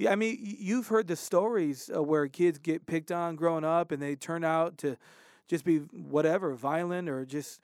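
A man's voice: fairly high pitch, normal speed, no echo, clean studio sound. A man hosting a talk show, interviewing a guest in an earnest, emphatic way.

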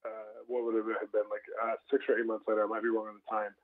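Fast-talking man on a tinny phone line. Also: on the low side. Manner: animated, tumbling rush of words. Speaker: pastor. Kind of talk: storytelling as a guest.

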